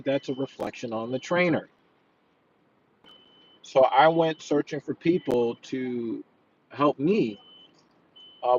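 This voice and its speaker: A man's voice: on the high side, muffled recording, slight background noise. A man who works as a personal trainer, chatting casually while he drives, earnest and rambling with lots of fillers. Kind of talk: casual driving vlog, talking while he drives. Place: inside a car.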